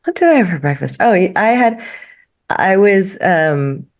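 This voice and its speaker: A woman, a parent, speaking as a podcast guest in a wry, deadpan, thoughtful way. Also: medium pitch, unhurried. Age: adult with a child. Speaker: guest, political activist and writer. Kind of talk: casual podcast chat.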